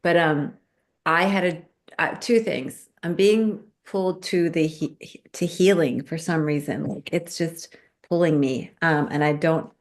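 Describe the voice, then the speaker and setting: A middle-aged woman in casual podcast chat, telling a story with animated storytelling and acting out quoted voices. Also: low-pitched, measured pace.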